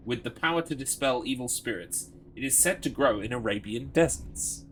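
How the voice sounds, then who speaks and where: A young British man commentating his own playthrough. His voice has a bright edge at a middle pitch, and he slips between reading the game text aloud and joking with his viewers. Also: animated, normal speed, few pauses, a little hiss or hum. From Britain. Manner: reads item text aloud, mocks and jokes with chat. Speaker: streamer.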